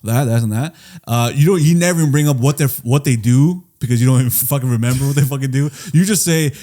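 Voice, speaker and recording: A man's voice: medium pitch, fast, warm tone. A young man co-hosting a podcast, chatting casually and teasing his friend with profane, acted-out quotes. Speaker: podcast co-host. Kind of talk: casual chat.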